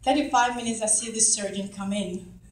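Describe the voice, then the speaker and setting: A middle-aged woman telling a church congregation a testimony, animated and acting out the lines of the people in her story. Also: medium pitch, a little fast, a little hiss or hum. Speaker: church member giving testimony. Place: church hall. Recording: echoey hall, from far off.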